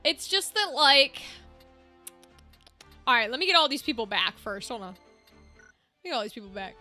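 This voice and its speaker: A woman streaming a game, chatting casually and thinking out loud as she sorts out gear. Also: a little high, big pitch swings, moderate pace, long pauses. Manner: chatty, thinks aloud, easily amused. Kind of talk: casual gameplay chat. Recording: game music underneath.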